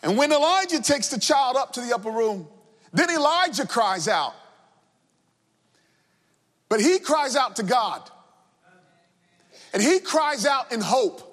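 High-voiced man preaching slowly in a hall. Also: big pitch swings. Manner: slow, impassioned preaching with sung cadences and shouted refrains. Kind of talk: sermon. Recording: long hall reverb.

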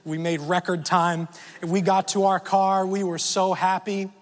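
High-voiced man preaching in a reverberant hall. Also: little pitch movement, measured pace. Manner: conversational storytelling, asks the audience questions. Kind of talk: sermon with personal story.

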